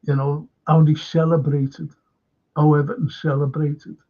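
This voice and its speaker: A man hosts a live fan show, addressing viewers by name emphatically, repeating his points and swearing. His voice is a little high and warm, with little pitch movement and a slightly slow pace, in dull lo-fi sound.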